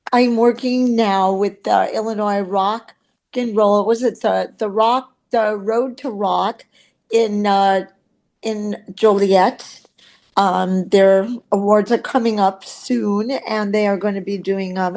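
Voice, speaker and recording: A woman guest with a Chicago accent, talking unhurriedly and pausing to search for words. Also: mid-range voice, darkish tone. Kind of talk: casual interview talk.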